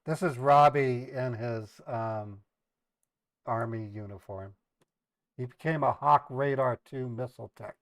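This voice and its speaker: A man's voice: medium pitch, a little slow, dry recording. Rambling man telling family stories. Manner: rambling, repeats words, laughs at own jokes. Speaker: live streamer and scambaiter. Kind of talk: casual storytelling on a livestream.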